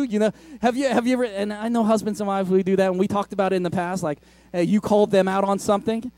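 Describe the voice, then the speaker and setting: A man's voice: high-pitched, fairly even intonation, quick pace, darkish tone, no echo. A middle-aged male pastor preaching a sermon, conversational and self-deprecating as he tells stories.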